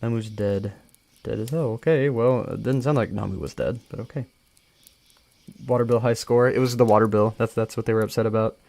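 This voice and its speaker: A man's voice: on the low side, steady tone, brisk, gravelly, a little mellow. A young man with a dry throat reading a story aloud on a live stream, chatty and joking between passages. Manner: casual, joking, chatty asides.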